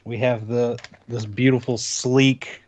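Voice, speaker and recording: A man's voice: medium pitch, level tone, slow, a little mellow. A man co-hosting a podcast in casual chat, rambling with many restarts. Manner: rambling, full of restarts while showing off a console. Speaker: podcast co-host.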